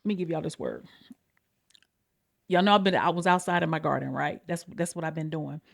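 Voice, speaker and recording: A woman hosts her own podcast in a loose, confessional way. She talks straight to her listeners, swears without a second thought, and calls them y'all. Her pitch and pace swing around a lot as she goes. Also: a little fast, creaky. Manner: candid, swears freely, addresses listeners as y'all. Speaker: podcast host. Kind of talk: casual confessional talk.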